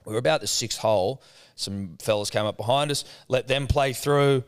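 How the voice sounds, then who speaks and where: A man, a podcast co-host, telling a lively, heavily sworn anecdote in casual chat. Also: medium pitch, moderate pace, smooth. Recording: long room reverb.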